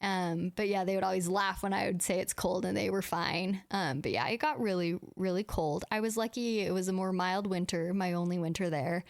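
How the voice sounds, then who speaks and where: A woman's voice: lowish voice, fairly even intonation, a little fast, creaky, few pauses, no echo, studio quality. A young woman hosting a podcast, telling stories in a casual, chatty way with lots of "like" and acted-out dialogue. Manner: chatty, full of "like" and quoted dialogue. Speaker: podcast host. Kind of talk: casual storytelling chat.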